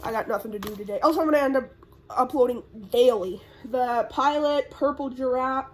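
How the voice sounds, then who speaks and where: A young woman talks off the cuff in a slightly high voice, rambling and swearing her way through a recap. She fills her pauses with ums and uhs, like a casual vlogger chatting to camera. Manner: rambling, profane, lots of fillers. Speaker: YouTuber.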